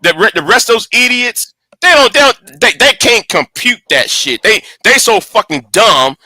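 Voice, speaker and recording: A man's voice: very high-pitched, expressive, moderate pace, bright, forceful tone, no room sound. A man hosting his channel in a casual, profane, angry rant, stumbling and repeating words. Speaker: channel host.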